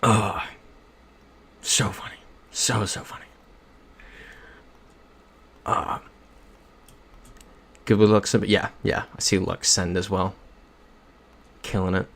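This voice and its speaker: A man's voice: sits low, flat delivery, slow pace, creaky, long pauses, a bit bright, husky. A young man chatting casually on a livestream while playing a geography game. He rambles through stories and reads viewer comments aloud.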